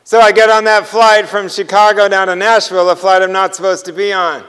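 A man preaching, telling a personal travel story with lively acted-out dialogue and laughter. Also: sits high, fairly quick, clear, resonant tone, big-room sound. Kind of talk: sermon storytelling.

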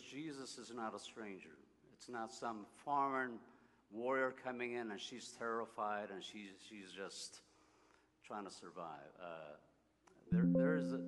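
Slow, reflective male preacher. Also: mid-range voice, a bit bright. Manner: reflective, halting, repeats words. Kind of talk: sermon. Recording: long hall reverb.

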